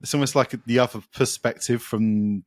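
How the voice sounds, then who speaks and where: A man's voice: medium pitch, fairly even intonation, moderate pace, dry recording, clean studio sound. A man co-hosting a podcast, chatting casually and enthusiastically about metal records, rambling with fillers and swearing. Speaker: podcast co-host.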